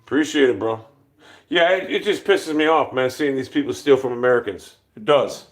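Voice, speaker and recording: This medium-pitched male voice moves at a normal speed. He's a livestream host in his fifties, running a casual stream where he rambles, curses and grumbles.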